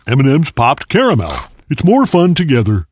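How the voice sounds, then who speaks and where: An actor voicing a playful, greedy talking candy in an animated commercial. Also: male voice, fairly high pitch, normal speed, background noise. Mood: sly. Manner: playful, teasing.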